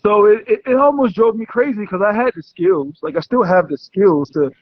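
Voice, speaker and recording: A man's voice: sits high, normal speed, no echo. A man in his thirties, a guest telling his story in a casual interview, rambling with many restarts. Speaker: guest, health coach. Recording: dull, dry lo-fi recording.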